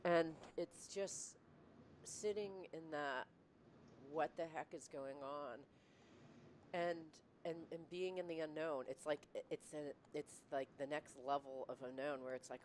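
Low-voiced woman musing with laughter. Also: a little slow, slight background noise. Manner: reflective, laughs often, rambling with restarts. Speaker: podcast host. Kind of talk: casual conversation.

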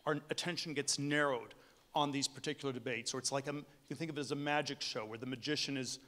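A man giving a conference keynote speech, talking in a halting way with many restarts and fillers. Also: medium pitch, steady tone, pushed and bright. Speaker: keynote speaker. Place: hotel conference room.

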